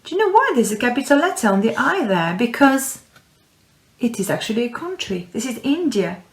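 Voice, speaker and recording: A woman teaching French words to young pupils, speaking slowly and patiently and stretching words out for them to repeat. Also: fairly high pitch, sing-song, echoey room. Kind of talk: slow, clear classroom instruction.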